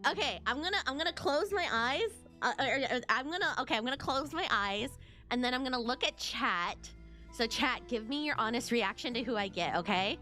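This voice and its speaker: Young woman, gaming streamer, excitable, repetitive, high lively voice, faint music behind. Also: fairly quick. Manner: excitable, repeats herself, sings silly snippets. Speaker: VTuber streamer. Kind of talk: casual gaming stream chat.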